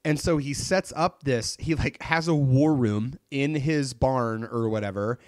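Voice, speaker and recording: A man's voice: medium pitch, measured pace, dry recording. A young man chatting casually, retelling a story with energy, swearing freely and acting out characters' lines. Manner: animated, profane, retells plot with quoted lines. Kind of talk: casual chat.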